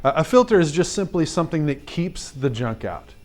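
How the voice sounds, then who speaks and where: A man teaching a class of fifth graders, telling a personal story in an animated, chatty way, with lots of "like" and direct questions to the kids. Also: a little high, brisk.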